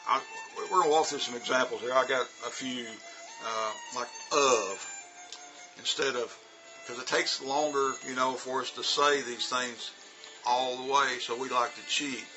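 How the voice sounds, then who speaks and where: A man's voice: mid-range voice, steady tone, measured pace, lo-fi sound, over music. Chatty man giving teaching tips. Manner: loose and chatty, demonstrating spoken examples. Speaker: English teacher. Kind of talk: casual teaching advice to teachers.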